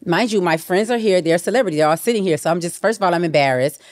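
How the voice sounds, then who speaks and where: Animated woman telling a story. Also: fast. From Miami. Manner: animated, acts out quotes with sudden high exclamations. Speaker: guest rapper. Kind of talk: casual storytelling.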